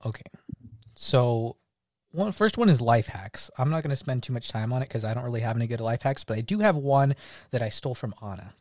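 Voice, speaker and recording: A man's voice: medium pitch, animated, brisk, darkish tone, no echo, clean studio sound. A man co-hosting a casual podcast, playful and laughing often, slipping into silly voices for his stories. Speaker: podcast co-host. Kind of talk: casual chat.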